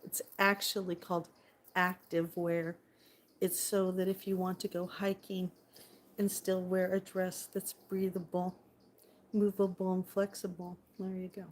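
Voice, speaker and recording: A woman's voice: lowish voice, level tone, a little slow, slight background noise. Bubbly woman chatting on a phone. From California. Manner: bubbly, chatty, answers viewers. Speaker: vlogger. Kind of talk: casual live-stream chat. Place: home indoors by a window.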